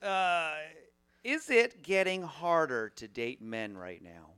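Playful man with a lively voice. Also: on the high side, slow pace, clear, resonant tone, no echo, clean studio sound. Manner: teasing, playful questioner. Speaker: podcast host. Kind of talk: casual podcast chat.

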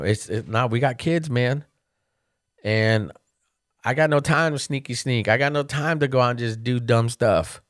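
A man's voice: fairly low pitch, dry recording, studio quality. A man hosting a podcast, talking candidly and casually as he tells family stories, often adding "man". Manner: candid storyteller who keeps saying "man"; animated when retelling funny family stories. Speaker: podcast host. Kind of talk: casual monologue.

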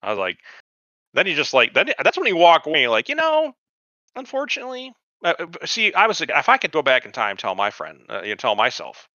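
A man with a high-leaning, brisk voice co-hosts a podcast, recorded dry but muffled. He bluntly and animatedly retells scenes from a TV show, mocking them and swearing a lot in this casual, profane chat.

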